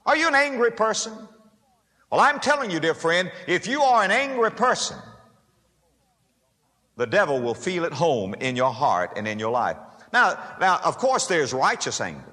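A man preaching a sermon, emphatic, swinging between loud rises and hushed drops. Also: a little high, wildly swooping pitch, moderate pace, big-room sound. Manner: emphatic, rising and dropping sharply for effect.

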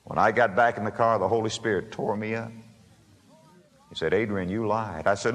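A man preaching a sermon, emphatic, swinging between loud rises and hushed drops. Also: fairly low pitch, fairly even intonation, normal speed, big-room sound. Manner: emphatic, rising and dropping sharply for effect.

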